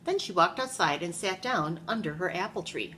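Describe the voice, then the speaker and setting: A woman's voice: on the low side, normal speed, a little hiss or hum. Woman reading a picture book to kids. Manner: animated storytelling, asks the children questions. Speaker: preschool teacher. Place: classroom.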